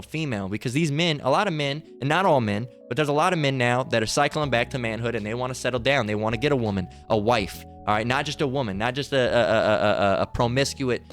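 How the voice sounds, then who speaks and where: A man's voice: medium pitch, a bit bright. Man, heated preaching monologue, fiery, stumbling restarts, faint music behind. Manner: fiery, repetitive, with many restarts.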